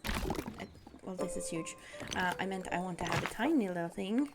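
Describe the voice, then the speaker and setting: A woman's voice: fairly low pitch, expressive, normal speed. A young woman streaming a building game, chatting casually and narrating what she does with bubbly giggles. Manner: bubbly, giggly, narrates her own actions aloud. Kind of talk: casual gameplay chat. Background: background music.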